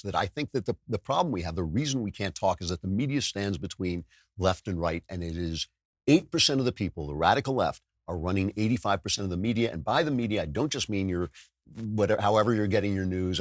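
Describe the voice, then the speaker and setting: A man's voice: lively intonation, fast talker, no echo, studio quality. A male podcast host delivering a wry, sardonic opinion monologue. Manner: wry, sardonic, with sudden jumps in pitch. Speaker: political commentary podcast host.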